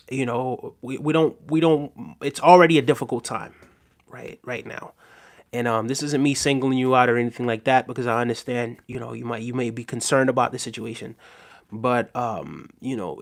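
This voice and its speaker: A man hosting a casual livestream, reading viewer comments aloud and talking to his audience in an earnest, reassuring way with lots of fillers. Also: mid-range voice. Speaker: livestream host.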